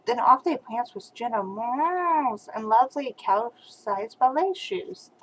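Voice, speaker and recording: A woman's voice: on the high side, lively intonation, slow, a little hiss or hum, poor audio. Older woman reading rhymes on webcam. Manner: rhythmic rhyming read-aloud with soft asides to a child. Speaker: grandmother reading to a grandchild. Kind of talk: reading a picture book aloud.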